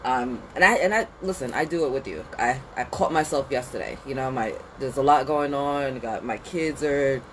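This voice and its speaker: A woman hosting a casual spiritual pep talk outdoors in the cold, animated and slangy, sniffly with a runny nose. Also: a bass voice, normal speed, few pauses, a little hiss or hum, rough recording. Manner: animated, slangy and conversational, with lots of "like" and "you know". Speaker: spiritual reader and channel host.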